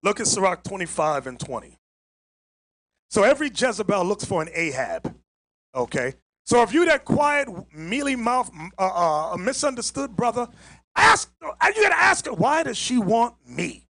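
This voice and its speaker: A man preaching outdoors, loud and emphatic, mocking his subject and often shouting. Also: high voice, very animated, moderate pace. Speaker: street preacher. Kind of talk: open-air sermon with Bible reading. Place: outdoors on a public green.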